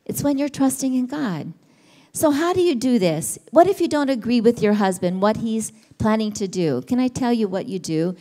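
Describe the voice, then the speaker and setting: A woman's voice: fairly high pitch, lively intonation, moderate pace. Woman teaching a church women's class. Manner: warm, conversational, asks the audience questions.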